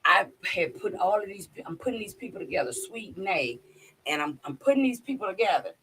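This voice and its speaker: A woman's voice: mid-range voice, big pitch swings, a little fast, a little hiss or hum, low-quality recording. A woman from Alabama, a show promoter, chatting with enthusiasm in a casual interview. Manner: chatty, enthusiastic, gives shout-outs.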